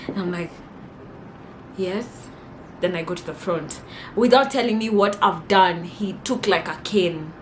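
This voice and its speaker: A young woman with a Kenyan accent tells stories in a casual, animated way. She is indignant and mixes in Swahili slang. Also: fairly low pitch, measured pace, long pauses, slight background noise, rough recording. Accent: Kenyan English. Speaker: vlogger. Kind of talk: casual storytelling.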